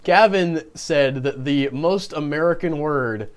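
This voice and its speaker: A man with a somewhat high voice co-hosts a casual movie review podcast. He talks in a loose, self-deprecating way and laughs often between his points. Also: slow, clear, resonant tone. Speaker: podcast co-host.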